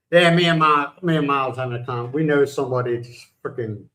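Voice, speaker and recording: An older man from the U.S. hosts a casual stream at home in the Philippines, rambling and blunt with the odd swear word. His medium-pitched voice has a sharp tone, and the recording is rough.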